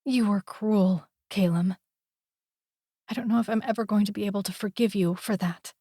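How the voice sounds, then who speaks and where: A woman voicing a defiant, sharp-tongued young woman in an audiobook, delivering biting, sarcastic retorts. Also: medium pitch, moderate pace, dry recording, clean studio sound, lightly acted. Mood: hurt, quiet. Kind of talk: audiobook character voice.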